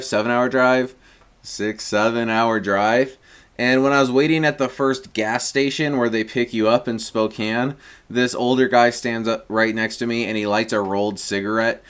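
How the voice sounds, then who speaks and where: A man's voice: lowish voice, little pitch movement, normal speed, a bit bright, clear, resonant tone. A young man telling a rambling, profane story in a casual rant, chuckling as he goes. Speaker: streamer.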